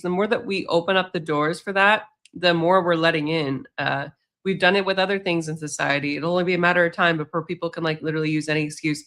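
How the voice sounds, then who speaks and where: A man's voice: fairly high pitch, fairly even intonation, quick pace, sharp tone. A man hosting a casual podcast, talking bluntly and with sarcasm. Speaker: podcast host.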